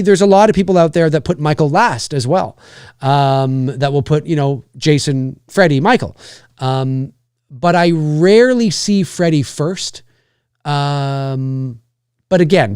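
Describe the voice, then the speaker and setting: A man's voice: a little high, darkish tone, clean tone, dry recording, clean studio sound. A man with a Canadian accent hosting a live stream, chatting casually and rambling with lots of fillers and restarts.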